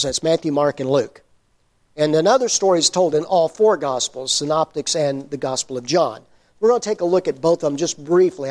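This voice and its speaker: A middle-aged man preaching a sermon, telling Bible stories with lively acted-out shouts and hushed endings. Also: fairly high pitch. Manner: animated storyteller, acts out disciples' shouts, drops to hushed tones.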